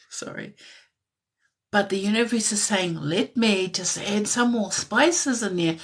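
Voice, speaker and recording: A woman giving a live-stream tarot reading in a soft, musing way that drifts into whispers, with frequent light laughs. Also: medium pitch, slightly rough. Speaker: tarot reader.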